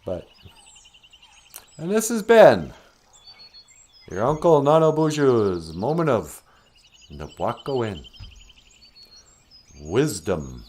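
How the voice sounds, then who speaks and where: A man's voice: mid-range voice, sing-song, slow pace, long pauses, darkish tone. A man hosting a comedic puppet show, rambling and giggling at himself. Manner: rambling, giggly, self-deprecating.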